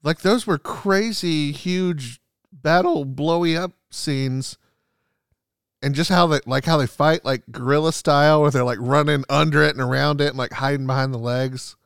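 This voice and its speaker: An excitable man gushing in casual podcast chat, with a rough, gravelly edge to his voice. He keeps saying "like" and acts out the scenes he describes. The sound is dry and close, with no room around it. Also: on the high side, moderate pace, no room sound. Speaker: podcast co-host.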